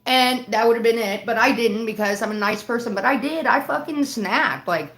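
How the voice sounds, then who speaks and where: A woman's voice: a little high, normal speed, a bit bright. A woman livestreaming, telling a heated story in casual, profane bursts. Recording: roomy echo.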